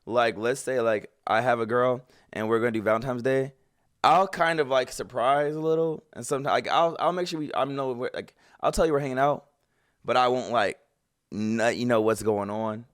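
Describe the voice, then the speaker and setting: A man giving casual, animated reaction commentary as a streamer, slangy and swearing freely. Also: medium pitch, moderate pace.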